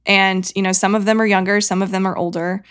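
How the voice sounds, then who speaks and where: A woman hosting a podcast, talking effusively and with emotion as she praises her guest, her voice tearful at times. Her pitch sits in the middle range. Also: flat delivery, fast talker, a bit bright, clean tone. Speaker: podcast host. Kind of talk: podcast interview.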